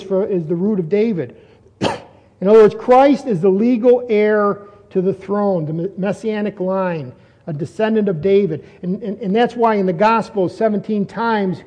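A man's voice: high-pitched, a little mellow, long reverb tail. A man preaching an expository sermon, earnest and repeating phrases for emphasis as his voice rises on key points.

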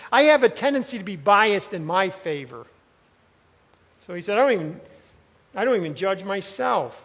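A man's voice: sits high, a bit bright. A man preaching a sermon as pastor, emphatic and conversational, repeating words for stress and adding asides. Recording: long hall reverb.

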